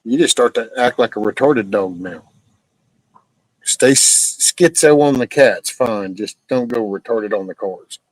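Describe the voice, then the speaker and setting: A man's voice: mid-range voice, measured pace, no echo, rough recording. A man in his sixties hosting a casual live stream, chatting bluntly and folksily with plenty of profanity while answering viewer comments.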